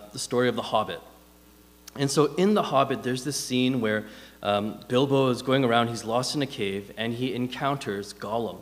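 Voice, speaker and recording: A man delivers a sermon in an easy, conversational style, leaning on fillers as he tells stories to make his points. His voice sits at a middle pitch. The sound carries a long reverb from the church hall. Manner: conversational, animated storytelling with frequent fillers. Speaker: preacher.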